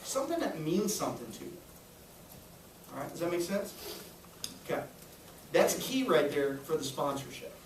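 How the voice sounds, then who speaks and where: A high-voiced sales trainer gives a live training talk to a small audience, very animated and upbeat, coaching and asking the room questions. He speaks at normal speed with long pauses. The echoey room leaves his voice a little far off, with slight background noise.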